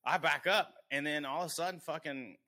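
American guy on a podcast, sharp bright voice, cussing and storytelling. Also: a little high, brisk. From United States. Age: middle-aged. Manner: profane storytelling, quotes himself animatedly. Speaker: podcast guest. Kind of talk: casual podcast chat.

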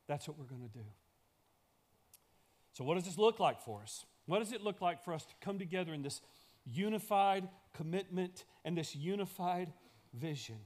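A man's voice: sits high, lively intonation, moderate pace, a little mellow. A male pastor delivering a sermon in a church, building emphasis through repeated phrases.

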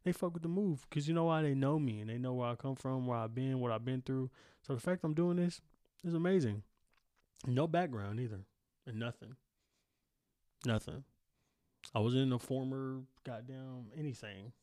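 A man's voice: mid-range voice, moderate pace, long pauses, warm tone, clear, resonant tone, no room sound. Boastful, profane young man on a dry mic. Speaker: podcast host. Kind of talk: solo podcast rant. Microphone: single studio microphone.

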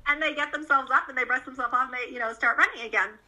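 Female interview guest, a mother; earnest, animated, loose with fillers; bright, tense tone. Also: sits high, fast, few pauses, rough recording. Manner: earnest, animated storyteller with many fillers and restarts. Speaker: guest, parent of a child cancer survivor. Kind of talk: candid conversational interview.

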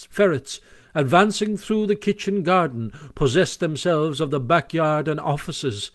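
A man reading a classic storybook aloud as narrator, expressive and animated, on a close microphone. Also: on the high side, no room sound. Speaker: audiobook narrator.

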